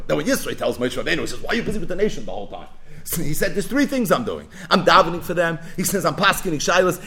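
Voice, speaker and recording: A man giving a Torah lesson, mixing Hebrew and Yiddish terms into his English. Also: a little high. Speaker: Talmud teacher.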